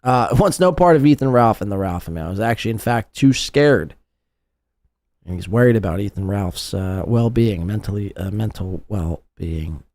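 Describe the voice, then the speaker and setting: Sarcastic podcast host man, lively pitch. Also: normal speed, no echo. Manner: sarcastic, mocking. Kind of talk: mocking commentary on a played clip.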